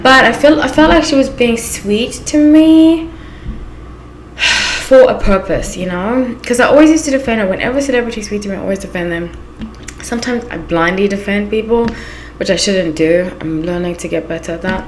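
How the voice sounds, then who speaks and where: A woman's voice: medium pitch, lively intonation, brisk, roomy sound, slight background noise. A woman from Southern Africa with a Zimbabwean accent, chatting casually as a channel host and telling anecdotes with lots of asides. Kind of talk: casual chat.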